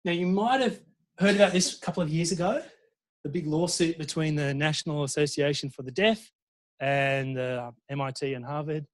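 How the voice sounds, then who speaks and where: An Australian university lecturer gives an animated conference presentation, checking in with the audience and using lots of fillers and restarts. His voice is a little high, and he speaks at normal speed.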